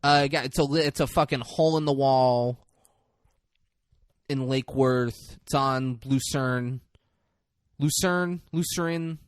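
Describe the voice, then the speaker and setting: A man's voice: mid-range voice, fairly even intonation, slow pace, pauses often, clean tone, no room sound, studio quality. Profane, joking podcast host man. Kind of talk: casual podcast banter.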